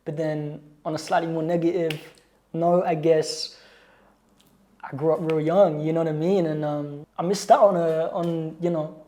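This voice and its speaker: A man talks as a guest in a casual interview. His delivery is relaxed and slangy, full of easygoing asides. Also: a little high, normal speed. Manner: relaxed, slangy, often says "you know what I mean". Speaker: guest, actor and musician. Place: indoors, seated at a table decorating biscuits.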